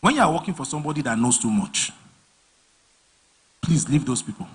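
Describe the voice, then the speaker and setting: A man's voice: medium pitch, a little fast, breathy edge. A man giving a casual live design training, telling stories and voicing clients and bosses along the way. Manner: animated storyteller, voices clients and bosses mid-story. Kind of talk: casual live training talk with acted-out anecdotes.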